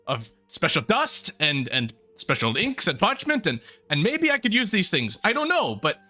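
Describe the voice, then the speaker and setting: A man's voice: high-pitched, sharp tone, voice pushed up, heavily acted. A man voicing an overwhelmed male customer in a fantasy shop, stammering and rambling nervously.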